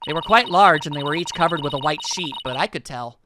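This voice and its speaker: A man voicing a brash, excitable teenage girl student who talks in slang, with game music behind. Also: fairly high pitch, quick pace, very noisy, pitched below the performer's own voice, lightly acted. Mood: explaining.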